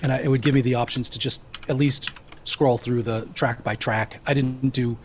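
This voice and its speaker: Guy rambling through tips, mid voice, soft keyboard clatter in the back. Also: medium pitch, steady tone, normal speed, a little hiss or hum. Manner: rambling, many fillers and restarts. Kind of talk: casual explanation.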